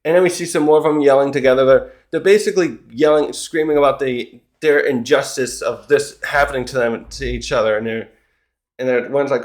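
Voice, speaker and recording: A man's voice: medium pitch, steady tone, brisk. A man casually recapping a comic chapter, rambling along with frequent restarts and little chuckles. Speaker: manga reviewer.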